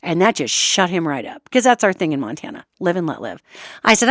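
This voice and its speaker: A woman host talking through a podcast monologue with a lively, swooping pitch, chatty and emphatic, repeating her points and swearing now and then. Her voice sits close and dry. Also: moderate pace, no room sound. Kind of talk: talk show monologue.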